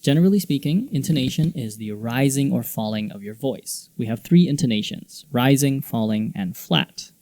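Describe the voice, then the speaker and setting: A man hosting a teaching video, explaining intonation in clear scripted narration and acting out example phrases. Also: mid-range voice, expressive, moderate pace, few pauses, darkish tone, no echo. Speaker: English teaching video host.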